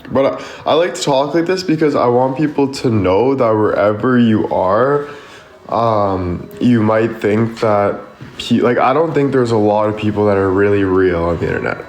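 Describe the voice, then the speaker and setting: Rambling low-voiced man in echoey room. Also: a little mellow, slight background noise. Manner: rambling, heavy on "like" and "you know". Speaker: social media creator on a livestream. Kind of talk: casual motivational livestream talk. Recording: echoey room with faint music behind.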